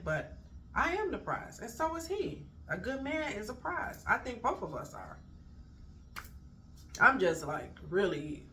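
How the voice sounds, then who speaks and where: A middle-aged woman talks straight to camera in a casual motivational video, emphatic and preachy as she fusses at her audience. Her voice is bright and forward, and faint background noise sits under it. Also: mid-range voice. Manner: fussing, emphatic, preachy encouragement.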